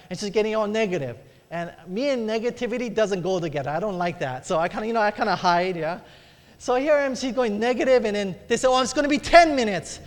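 A man's voice: high voice, lively intonation, brisk. A middle-aged man preaching a sermon, telling a personal story and acting out the voices in it, calling for amens from the congregation. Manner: storytelling, acts out quoted voices, calls for amens. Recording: long hall reverb.

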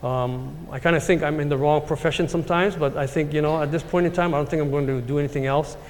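A man's voice: fairly high pitch, fairly even intonation, quick pace, big-room sound, slight background noise. A man in his sixties telling a long personal story to his congregation, rambling and heartfelt, with many fillers. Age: 60s. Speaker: church speaker.

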